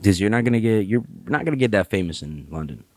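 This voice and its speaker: A man speaks in a low voice with brash, cursing energy as a podcast guest swapping stories. The sound is close and dry, as in a small studio. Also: animated, fast talker, darkish tone, no room sound. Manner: brash, profane storytelling. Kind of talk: casual chat.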